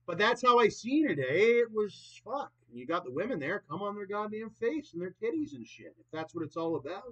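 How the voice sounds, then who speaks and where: A man in his late twenties vlogging in a rambling, profane monologue that swings between loud and soft. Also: sits high, very animated, a little fast. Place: old property in the countryside. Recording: dull lo-fi recording.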